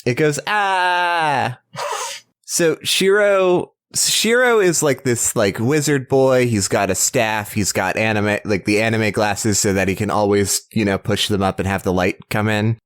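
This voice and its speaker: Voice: medium pitch, moderate pace, few pauses, dry recording, studio quality. A podcast co-host in casual chat, rambling and hesitant with many fillers.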